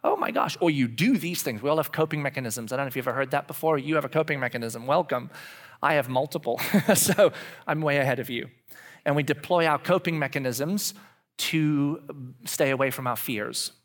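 A man in his forties giving a confessional sermon as pastor, dropping to hushed whispers and rising to loud animated outbursts. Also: a little high, brisk. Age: 40s.

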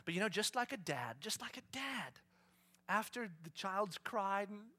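A middle-aged man preaching a sermon, animated, acting out quotes with raised and shouted voices. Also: high-pitched, unhurried. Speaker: pastor.

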